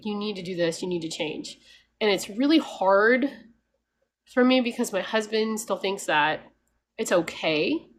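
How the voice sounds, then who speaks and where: A woman vlogger talking casually and frankly, laughing often and mimicking others as she rants. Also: mid-range voice. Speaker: homesteading vlogger. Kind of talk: casual talking-head rant.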